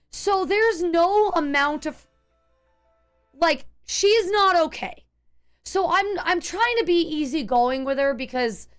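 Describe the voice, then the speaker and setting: A woman with a high voice streams to her chat and recounts a tense encounter as a casual story. She talks in an animated rush, stumbling over restarts and leaning on "like" as she goes.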